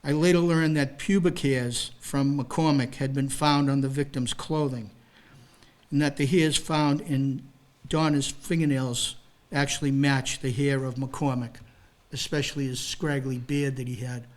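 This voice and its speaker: A man's voice: medium pitch, steady tone, unhurried. An older man, a retired police detective, recounting a case to an audience. He reads formal report wording and breaks in with casual asides. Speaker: retired police detective speaking at a library talk. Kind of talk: storytelling, reading from a case report.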